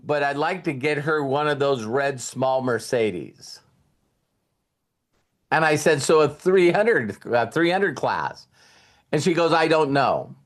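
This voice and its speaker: Casual male motivational speaker. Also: a little high. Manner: casual, repeats words, retells conversations. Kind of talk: motivational talk with storytelling.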